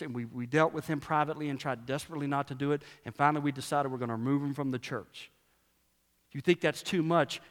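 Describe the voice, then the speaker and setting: A man preaching a sermon as a pastor, animated and emphatic, repeating lines and firing rhetorical questions. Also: medium pitch. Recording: long hall reverb.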